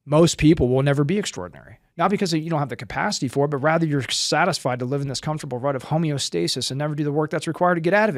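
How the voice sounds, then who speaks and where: A middle-aged American man speaks in a casual interview, blunt and intense, swearing freely and slipping into other people's lines as he tells stories. His voice sits at an ordinary male pitch, recorded close and dry with no room echo. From United States. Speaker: podcast guest, former Marine and firearms trainer.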